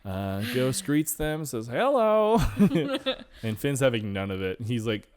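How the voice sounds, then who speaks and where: A man's voice: fairly low pitch, moderate pace, a little mellow, clean tone. A man co-hosting a podcast, recapping an episode in casual chat, laughing and acting out characters' lines. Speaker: podcast co-host.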